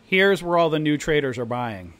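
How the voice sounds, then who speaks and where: Explaining charts on a live stock trading stream, a man with a voice on the high side and a moderate pace animatedly acts out how panicking new traders behave as part of his market commentary.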